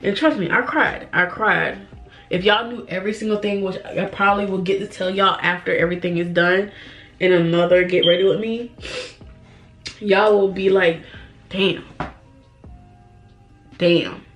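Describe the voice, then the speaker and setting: A young woman vlogging while doing her makeup, holding back tears and talking in a halting, repetitive way. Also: mid-range voice, fairly even intonation, fairly bright tone, faint music behind. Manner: halting, emotional, repeats herself, sighs. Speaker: beauty vlogger. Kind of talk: get-ready-with-me chat.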